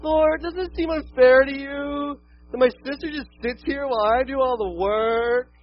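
A man's voice: moderate pace, muffled recording. A man voicing Martha, a whiny overworked woman who complains about her sister. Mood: whining. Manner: shrill, pleading complaint.

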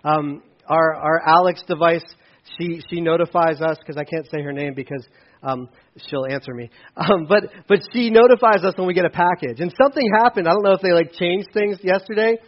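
A man preaching a casual sermon as pastor, conversational with self-deprecating asides and lively storytelling. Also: on the high side, a little fast, muffled recording. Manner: conversational, self-deprecating asides, animated when telling stories.

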